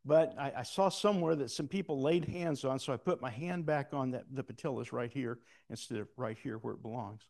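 Gravelly-voiced man preaching a story-sermon. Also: medium pitch, fairly quick, hardly any pauses, a little mellow. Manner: conversational, self-deprecating storytelling.

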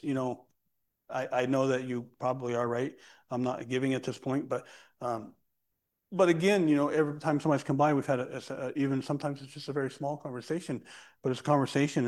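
Man, church group member: earnest, halting speech, mid-pitched voice. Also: darkish tone. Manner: halting, repeats words, sincere. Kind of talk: casual heartfelt discussion. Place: church meeting room.

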